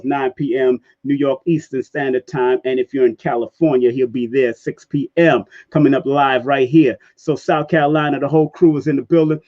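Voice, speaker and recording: Hyped-up high-voiced man hosting a livestream. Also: muffled recording. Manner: hype, playful shout-outs with sound effects. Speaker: livestream host. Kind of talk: casual live-stream chat. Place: Brooklyn, New York.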